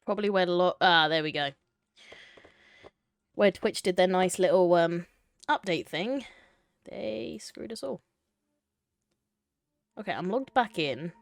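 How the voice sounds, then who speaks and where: A woman's voice: fairly low pitch, expressive, measured pace, vocal fry, long pauses, dry recording. A woman streamer reading a choose-your-path story game aloud, breaking off to swear and joke between lines.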